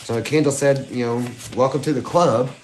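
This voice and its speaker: A man, hosting a live stream and chatting excitedly with viewers. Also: mid-range voice, moderate pace, slight background noise. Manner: excitable, giddy, chats to viewers. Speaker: livestream host hunting coins. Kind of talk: casual live-stream chat.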